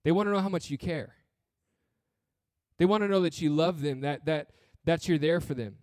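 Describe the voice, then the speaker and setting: A man's voice: fairly high pitch, normal speed, darkish tone, dry recording, studio quality. Earnest man preaching a sermon. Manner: earnest, blunt preaching with humor and repeated phrases. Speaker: pastor.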